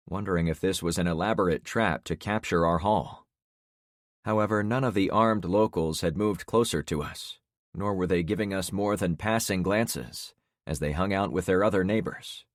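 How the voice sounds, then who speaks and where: A man narrating a first-person audiobook in a steady, matter-of-fact way. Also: low voice, dry recording, studio quality.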